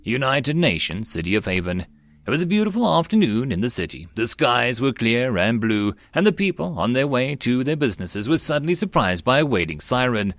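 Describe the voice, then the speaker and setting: This audiobook narrator is very animated as he reads a web novel at a fairly quick pace, voicing every character himself and lifting his voice for the dialogue. His voice is medium-pitched and fairly bright, and there's no echo.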